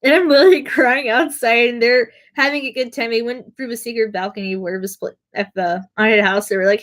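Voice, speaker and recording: A woman's voice: on the high side, fairly even intonation, a little fast, hardly any pauses, fairly bright tone. A young woman streamer telling stories in a casual, rambling way, mocking herself and laughing as she goes. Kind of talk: casual storytelling.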